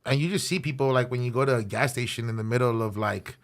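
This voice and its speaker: A man in his thirties chats as a podcast guest, tumbling through stories at a quick clip with plenty of slang. His voice sits at an ordinary middle pitch, and the talk stays loose and casual. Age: 30s. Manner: slangy, rapid storytelling. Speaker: guest musician.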